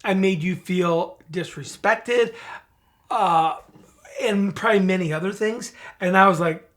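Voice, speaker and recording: A man co-hosts a podcast in relaxed conversation. He tells stories earnestly and directly, keeping to the point. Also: high-pitched, measured pace. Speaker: podcast co-host. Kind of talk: casual chat.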